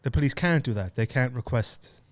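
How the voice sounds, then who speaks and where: A man's voice: medium pitch, expressive, moderate pace. A young Irish man co-hosting a podcast, chatting loosely and swearing freely. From Ireland. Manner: loose, profane storytelling. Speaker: podcast co-host. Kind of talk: casual chat.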